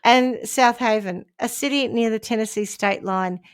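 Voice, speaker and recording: A woman's voice: fairly high pitch, moderate pace, clean tone. A woman, a podcast co-host reading a crime story aloud with chatty asides. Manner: reads a news story with asides and laughs.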